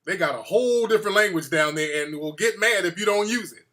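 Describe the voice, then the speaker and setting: Animated, profane male storyteller. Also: high voice, fast. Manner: animated, profane, laughing between lines. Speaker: show host. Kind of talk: comic storytelling monologue.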